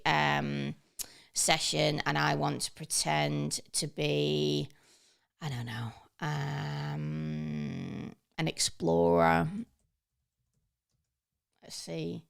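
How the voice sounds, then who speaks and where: Woman, casual tutorial presenter, deep voice, heavy vocal fry, chatty, lots of fillers. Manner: chatty, enthusiastic, frequent ums and uhs. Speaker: online training presenter. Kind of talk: casual screen-share tutorial.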